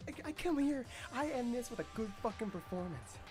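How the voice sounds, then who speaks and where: A woman streaming a game late at night, swearing and hyping herself up in hushed, casual commentary. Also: fairly high pitch, big pitch swings, brisk, faint music behind. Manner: profane, hyped, muttering to herself. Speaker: gaming streamer. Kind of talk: casual let's-play commentary. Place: home at night, speaking quietly.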